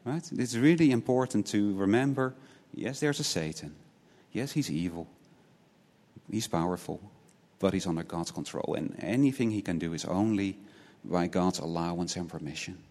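Male preacher, lowish voice, earnest, rhetorical questions, word-repeating restarts, long church-hall reverb. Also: normal speed, a little mellow. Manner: asks many rhetorical questions, tagging points with "right?". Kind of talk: sermon.

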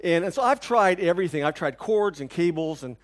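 A man preaching a sermon, telling a personal story with lively, animated delivery that drops to hushed, somber tones. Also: high voice, a little fast. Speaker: pastor.

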